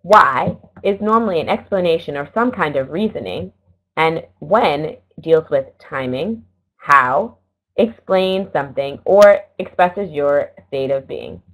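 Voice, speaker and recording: Low-voiced woman teaching English. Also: lively intonation, a bit bright. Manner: slow, careful explaining with small self-corrections. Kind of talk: online English lesson. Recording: dull lo-fi recording.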